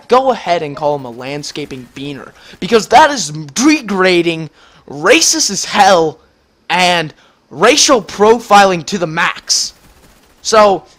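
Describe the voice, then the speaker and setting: Teen guy, high voice, profane and indignant rant straight to camera. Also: a bit bright. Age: teens. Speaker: student vlogger.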